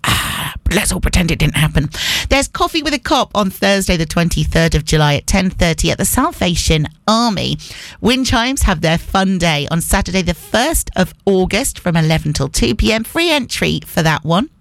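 A woman's voice: lowish voice, very animated, normal speed, dry recording. A woman presenting local radio, reading out event listings in a chatty way and joking about her own slips. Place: radio studio.

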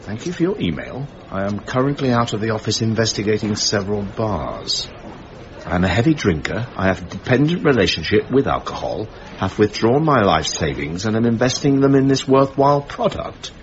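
A dry, sardonic newspaper colleague. His lowish voice moves through a lively range, and the radio recording sounds dull and lo-fi. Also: fairly quick, a little hiss or hum. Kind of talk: radio sitcom acting.

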